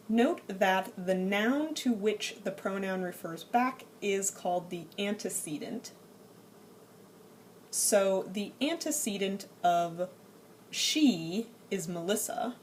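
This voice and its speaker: A woman teaching Greek grammar in a recorded lecture over slides, explaining patiently and slowing down to spell out each form. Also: medium pitch, slight background noise. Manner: clear, patient explaining, slows to spell out forms.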